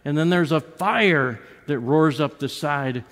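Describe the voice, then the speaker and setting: In the echoing sanctuary of a church, a pastor from the United States gives a sermon in a slightly high, fairly bright male voice at a somewhat slow pace. He talks conversationally, often restarting and repeating words, and performs quoted lines with rises and falls in pitch. Long sanctuary reverb colors the audio.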